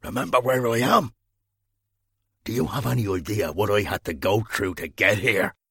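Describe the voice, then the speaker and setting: A man's voice: on the low side, expressive, vocal fry, a bit bright, breathy edge, dry recording, full character voice. A man voicing a coarse, indignant criminal, swearing and complaining in a dry storybook reading. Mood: irritated. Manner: crude, swearing, quick to complain.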